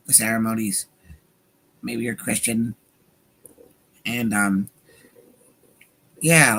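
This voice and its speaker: A man doing an impression of a male political debater, lecturing with halting fillers. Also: mid-range voice, a bit bright, a little hiss or hum, lightly acted, low-quality recording.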